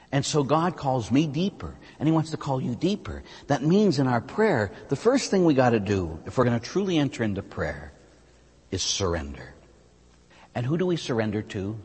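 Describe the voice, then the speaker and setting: A man with an American accent, a priest preaching a sermon, his voice swinging from high emphatic peaks to low, quiet asides. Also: normal speed, slightly rough. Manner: animated, rises high on emphatic phrases then drops low and quiet. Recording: long hall reverb.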